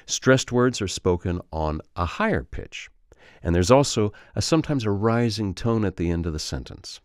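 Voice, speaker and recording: Low, lively Southern acting coach. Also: male voice, normal speed, no echo, studio quality. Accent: Alabama Southern US. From Southern United States. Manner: friendly teaching, exaggerated drawled example sentences. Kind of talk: accent tutorial.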